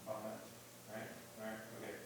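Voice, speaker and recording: A man's voice: lowish voice, monotone, normal speed. A man teaching a church history class in a casual lecturing way, often checking in with "right?". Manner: casual, keeps asking "right?". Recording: echoey room, distant mic, faint hiss.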